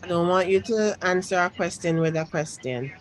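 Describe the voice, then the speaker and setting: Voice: mid-range voice, normal speed, a little hiss or hum, poor audio. A trading teacher leading a live lesson, drilling questions and repeating them until the student answers firmly.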